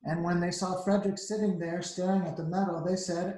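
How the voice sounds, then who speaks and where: A male teacher reads a picture book aloud to young children, stopping often to explain words in simple, chatty asides. His voice sits a touch high, and it carries a roomy echo from the room at home. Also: flat delivery, fairly quick, dark tone, a little hiss or hum. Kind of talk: storybook read-aloud to children.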